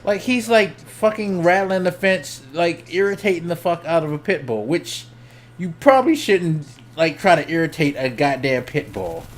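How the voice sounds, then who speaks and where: A young adult man streaming, telling a story casually, swearing freely and laughing as he goes, his voice jumping up when he gets excited. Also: fairly high pitch, moderate pace, a little hiss or hum. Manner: laughs between lines.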